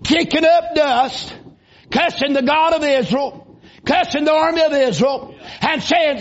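Preacher guy, super high voice, folksy then yelling, muffled lo-fi church recording. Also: measured pace. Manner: folksy, rising into shouted bursts. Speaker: visiting preacher. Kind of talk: revival sermon. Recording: dull lo-fi recording.

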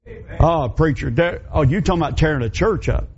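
A man's voice: a little high, brisk. A middle-aged man, a pastor preaching and telling a story in folksy, emphatic, repeating phrases. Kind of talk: sermon storytelling. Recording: dull lo-fi recording.

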